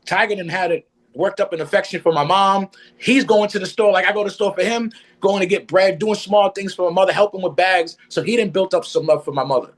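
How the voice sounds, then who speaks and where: A man tells a personal story in a casual podcast chat, blunt and full of swearing. His voice sits a bit higher than most men's, and he keeps it animated. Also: fairly quick, low-quality recording. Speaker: podcast guest.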